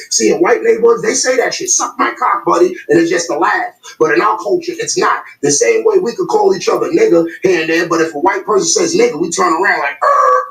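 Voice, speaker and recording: A man argues his point in a heated podcast debate, emphatic and profane, circling back to repeat himself. His voice sits a little high with a gravelly edge. The recording is echoey, as if from an open room. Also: fairly bright tone. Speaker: podcast co-host.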